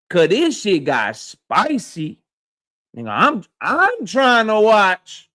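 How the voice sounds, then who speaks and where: Man, very high voice, streamer host, profane, slangy, reacting to chat. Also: fairly bright tone. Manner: loose, profane, trash-talking, reads chat aloud. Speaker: boxing channel host. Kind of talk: casual live-stream chat.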